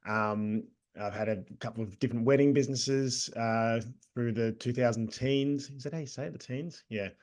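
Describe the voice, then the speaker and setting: A man's voice: medium pitch, normal speed. Aussie guy, middle-aged, bit of a cold, easygoing chatty interview talk, lots of ums. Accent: Australian. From Australia. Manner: relaxed, chatty, with many ums. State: getting over a cold. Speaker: guest, agency co-founder.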